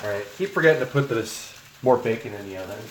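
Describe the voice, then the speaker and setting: A man's voice: on the low side, animated, fast talker, background noise. Chatty man cooking on a stream. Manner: chatty, rambling, lots of ums and asides. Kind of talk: casual livestream chat while cooking. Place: home kitchen.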